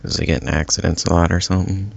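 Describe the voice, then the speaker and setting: A very deep-voiced man co-hosting a podcast, easygoing and quick to joke. His voice has a gravelly fry to it. The recording is dull and lo-fi. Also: fairly even intonation, dry recording. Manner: laid-back, jokey, laughs often. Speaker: podcast co-host. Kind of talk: casual chat. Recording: dull lo-fi sound.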